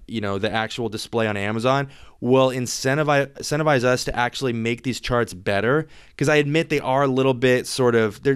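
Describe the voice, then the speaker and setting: A man hosts an informal screen-share explainer. His voice is smooth and resonant. He talks emphatically and reassuringly, often repeating and restarting his words. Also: mid-range voice. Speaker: software company host.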